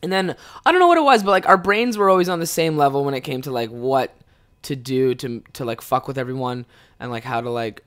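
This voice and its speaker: A man's voice: medium pitch, animated, a little fast, a bit bright, clear, resonant tone. A young man from Ontario, a podcast host, telling rambling, profane stories in a casual way and laughing often. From Ontario, Canada. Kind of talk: casual storytelling.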